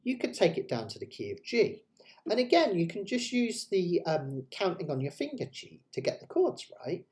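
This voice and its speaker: Over loud ukulele playing, a man with a high voice whose pitch swoops wildly talks at normal speed. Leading a casual online jam, he chats and explains each chord step by step.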